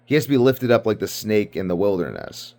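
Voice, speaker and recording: A man's voice: fairly low pitch, expressive, a little fast, a little mellow. A man from Britain giving rambling casual commentary, ranting and profane, full of fillers. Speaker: video commentator.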